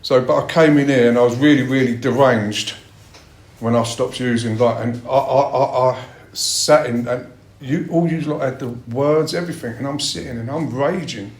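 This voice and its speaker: A man's voice: medium pitch, moderate pace, darkish tone. A middle-aged man giving a blunt personal share at a recovery meeting, swearing a lot as he talks. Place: meeting room. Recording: roomy meeting-room echo.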